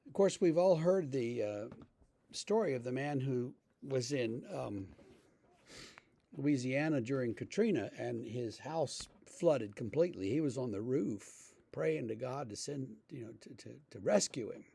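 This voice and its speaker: A male pastor giving a relaxed, conversational devotional talk, telling stories with frequent fillers. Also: medium pitch, a little slow, creaky, breathy edge, no room sound.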